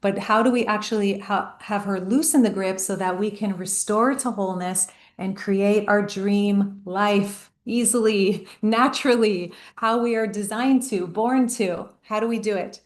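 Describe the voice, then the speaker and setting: A woman life coach giving a motivational talk, emphatic and storytelling, slowing down on key phrases. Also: mid-range voice, fairly even intonation, echoey room.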